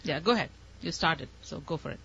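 A woman's voice: low voice, fairly quick, gravelly, a bit bright. A woman running a live spelling contest as quizmaster, encouraging and explaining words patiently. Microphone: microphone. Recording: muffled lo-fi recording.

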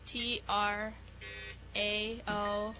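Woman spelling contestant; tentative, painfully slow, bright voice; dull recording, faint room noise. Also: medium pitch, level tone. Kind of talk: spelling words aloud.

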